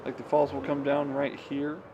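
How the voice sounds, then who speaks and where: This medium-pitched male voice is completely flat and moves at a normal speed, captured in lo-fi audio with background noise. He's a gaming streamer and digital missionary who talks to himself and viewers between scripture thoughts, keeping the chat casual as he plays.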